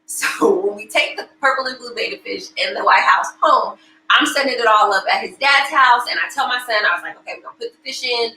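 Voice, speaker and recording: A middle-aged woman giving a motivational talk, telling a family story and acting out the voices with big jumps in pitch. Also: fairly quick, pushed and bright. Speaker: motivational speaker. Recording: echoey hall with faint noise.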